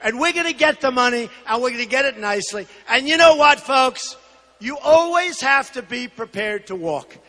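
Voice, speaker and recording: A man in his sixties giving a campaign rally speech from a podium, emphatic and repetitive, shouting some lines. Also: extremely high pitch, expressive, moderate pace. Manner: emphatic, repetitive, punchy phrasing. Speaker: political candidate. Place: large rally venue. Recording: long reverb of a large hall.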